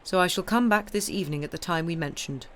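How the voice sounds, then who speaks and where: A woman's voice: fairly low pitch, fast talker, fairly bright tone, slight background noise, lightly acted. A woman reading aloud as a wary, insistent male police agent with formal, pressing questions.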